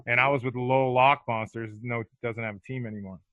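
Profane, bright-voiced former hockey fighter. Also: male voice, medium pitch, steady tone, fast, no echo. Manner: profane, rambling, laughs through stories. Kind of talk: casual storytelling interview. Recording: dull lo-fi dry sound.

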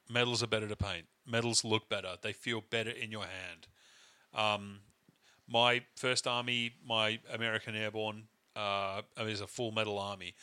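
A man's voice: lowish voice, bright, forceful tone. A young man co-hosting a casual hobby podcast, rambling, laughing often and swearing now and then. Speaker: podcast co-host and event organiser. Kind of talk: casual chat.

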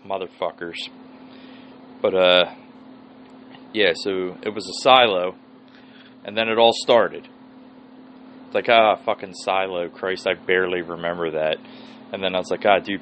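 A man rambles through a profane podcast story in a very low voice. A faint hum of background noise sits under his talk. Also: a bit bright, poor audio. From Philadelphia area. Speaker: podcast host. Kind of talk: solo podcast monologue.

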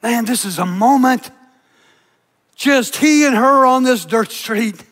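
A man preaching a sermon as pastor, impassioned, dropping to quiet intimate asides. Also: very high voice, takes it slowly, long pauses. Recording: long reverb of a large hall.

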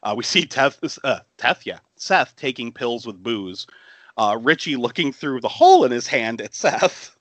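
Animated man laughing through a film recap. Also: mid-range voice, moderate pace, no echo. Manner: animated, laughs often, swears freely. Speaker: podcast host. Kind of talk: casual film recap chat.

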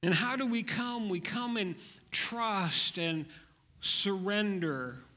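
Slow, bright-voiced male pastor. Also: high-pitched, in a large hall. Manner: gentle, slow preaching with soft drops. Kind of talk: sermon.

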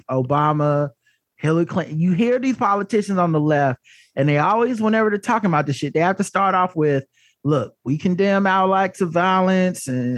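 Animated, high-voiced man on a podcast. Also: dry recording. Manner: animated, profane, often mimics other people. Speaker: podcast co-host. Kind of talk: casual chat.

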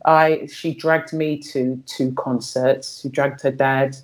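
In a rumbling low voice with a steady tone and slow pace, a middle-aged woman talks as a guest about her own life. She's frank and earthy, repeating words as she searches for them, in a candid personal conversation.

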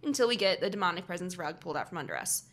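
Bright, expressive woman co-host. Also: fairly low pitch. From American Midwest. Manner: expressive, laughing, quick asides. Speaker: podcast co-host. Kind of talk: casual chat.

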